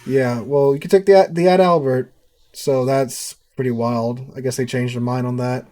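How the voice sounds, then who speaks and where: A man co-hosting a casual gaming podcast, talking in an animated way and jumping into high mock voices. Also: normal speed. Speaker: podcast co-host.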